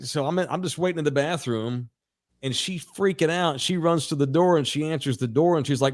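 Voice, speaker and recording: A man's voice: mid-range voice, a little fast. A man in his forties, a podcast co-host, telling a long crude anecdote in a casual, rambling way with plenty of profanity. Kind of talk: casual sports podcast storytelling.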